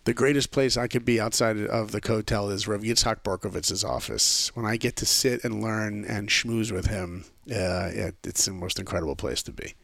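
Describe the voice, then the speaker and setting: A man being interviewed on a podcast, telling stories in a lively way and acting out the voices of people he quotes. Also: fairly low pitch, normal speed, creaky, hardly any pauses, dry recording. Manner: animated storyteller who acts out quoted voices. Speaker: podcast guest. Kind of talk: casual storytelling interview.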